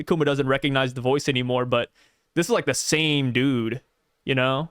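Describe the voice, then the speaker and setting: A man's voice: medium pitch, steady tone, normal speed, a bit bright, clear, resonant tone, no room sound, studio quality. A young adult man co-hosting a casual podcast chat, talking in an easygoing, offhand way with slang.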